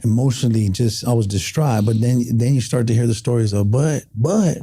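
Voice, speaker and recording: In casual podcast conversation, a middle-aged male guest tells reflective stories with heartfelt earnestness, frequently pausing and starting over. His mid-range voice has a dark tone and a breathy edge, and his pace is fairly quick.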